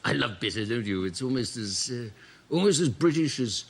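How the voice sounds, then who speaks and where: A man's voice: mid-range voice, expressive, fairly quick, voice pushed down, close to an everyday voice. A man playing a pompous, rambling upper-class royal in an improvised comedy sketch. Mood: jolly. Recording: loud noise and audience laughter.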